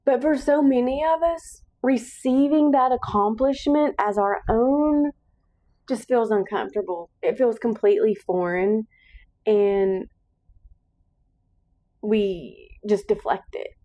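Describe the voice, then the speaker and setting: A woman's voice: on the high side, slow, highs cut off. A woman hosting a solo podcast, speaking in an earnest, encouraging monologue with emphatic repetition. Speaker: podcast host.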